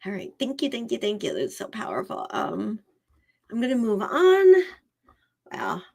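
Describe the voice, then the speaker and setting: A woman's voice: on the high side, huge pitch swings, a little slow, gravelly, darkish tone. A woman working as an animal communicator, giving live readings in a chatty way, often repeating herself and laughing.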